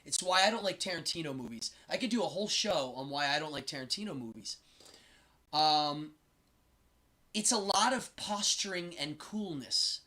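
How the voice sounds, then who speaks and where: Guy hosting a live stream, chatty and rambly, lively bright voice. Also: high-pitched. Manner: animated, opinionated, rambling. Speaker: host. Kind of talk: casual live-stream chat.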